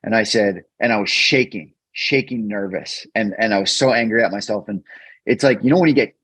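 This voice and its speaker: Low-voiced man telling his recovery story. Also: a bit bright, breathy edge, dry recording. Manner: earnest, halting, repeats words when emotional. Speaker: podcast guest. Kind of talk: candid personal storytelling. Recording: dull, dry podcast mic.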